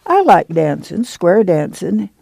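A man's voice: high-pitched, sing-song, slow, vocal fry, no echo, heavily acted. Man voicing a shy young woman. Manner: soft, hesitant. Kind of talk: audiobook reading.

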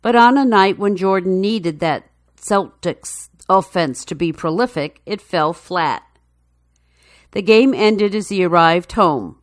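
A woman reading a news feature story in a measured, even narration. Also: lowish voice, dry recording, clean studio sound.

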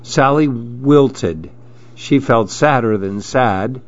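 A man reading children's picture books aloud, gently lifting his voice for the children's lines. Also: medium pitch, drawn-out words, no echo, muffled recording. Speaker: storybook reader.

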